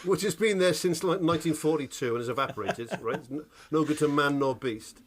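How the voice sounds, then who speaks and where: A man co-hosting a casual chat podcast, telling animated, sweary stories and checking in with "right?" after every point. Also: fairly high pitch, brisk, a little hiss or hum. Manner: animated storytelling, sweary, keeps asking "right?". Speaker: podcast co-host.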